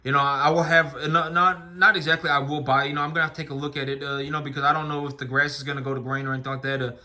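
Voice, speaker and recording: A man's voice: a little high, flat delivery, racing, sharp tone. A man farming livestock, talking to viewers in a rambling, blunt monologue, full of fillers, restarts and repeated points. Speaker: livestock farmer.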